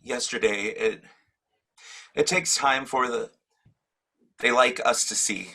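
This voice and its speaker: Man as a slow-spoken, bright-voiced nervous disciple who stumbles on his words. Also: medium pitch, creaky, exaggerated voice. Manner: halting, stammering. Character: anxious, aggrieved male disciple. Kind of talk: audio drama acting.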